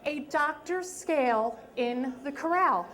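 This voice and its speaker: High-voiced woman telling a funny story. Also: takes it slowly. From New York. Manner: lively, self-mocking, emphatic. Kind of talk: live story slam telling. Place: stage at a live storytelling event.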